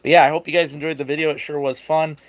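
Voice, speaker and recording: A man's voice: a little high, fairly even intonation, very fast. A man hosting a live stream for his fishing channel, sounding tired and chatting casually with viewers. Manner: tired, greets viewers by name, laughs often.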